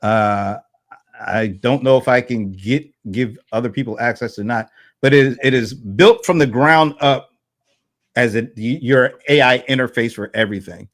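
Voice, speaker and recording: A man hosting a casual panel chat, relaxed and rambling, with fillers and restarts. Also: mid-range voice, moderate pace. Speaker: host.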